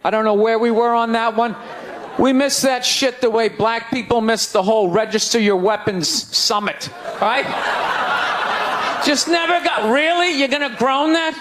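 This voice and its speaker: A male stand-up comedian on a club stage, ranting loudly and incredulously into a handheld mic. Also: extremely high pitch, steady tone, normal speed, background noise.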